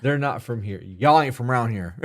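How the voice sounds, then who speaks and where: A man's voice: a little high, a bit bright. A man co-hosting a podcast, chatting casually in a laid-back, teasing way and swearing freely. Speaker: podcast co-host. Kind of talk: casual chat.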